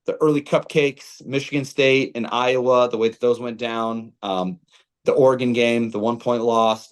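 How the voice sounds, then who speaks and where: Mid-pitched man breaking down football. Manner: animated, filler-heavy, repeats phrases. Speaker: former player analyst. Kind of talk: casual sports talk.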